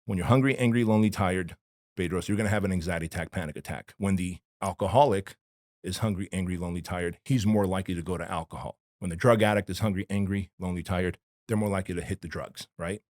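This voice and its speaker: A very low-voiced man from Armenia talks as a podcast guest, candid and emphatic, with blunt slang. His voice is close and dry on a studio mic, with no room sound. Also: fast, darkish tone, dry recording. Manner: emphatic, blunt and slangy, addressing the host as dude and bro. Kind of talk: candid personal storytelling in a podcast interview.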